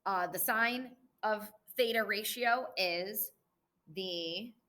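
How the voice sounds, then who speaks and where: A woman's voice: mid-range voice, very slow, bright, forceful tone. A woman teacher recording a math lesson review, explaining patiently step by step as she writes on the board.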